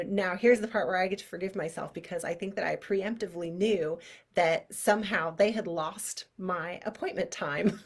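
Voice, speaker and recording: Animated, chatty woman teaching a class. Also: medium pitch. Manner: animated and chatty, with playful sound effects. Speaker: clairvoyant energy teacher. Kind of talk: casual online class.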